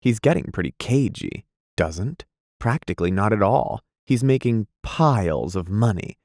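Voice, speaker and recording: A man reading aloud, voicing a gossipy, excitable young woman in a high, breathless voice. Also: measured pace, no room sound, studio quality. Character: gushing gossipy young woman, easily moved.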